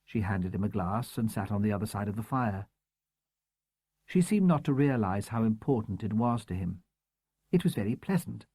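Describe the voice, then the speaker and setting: A man narrating a crime novel audiobook in a measured, expressive storytelling manner. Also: lowish voice, breathy edge, no echo. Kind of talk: scripted narration.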